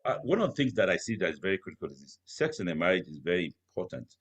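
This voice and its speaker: A man's voice: deep voice, sing-song, racing, breathy edge. A middle-aged married man speaking candidly and emphatically, often checking that the listener understands. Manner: earnest, emphatic, keeps asking "you understand?". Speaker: married guest. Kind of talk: candid conversational chat.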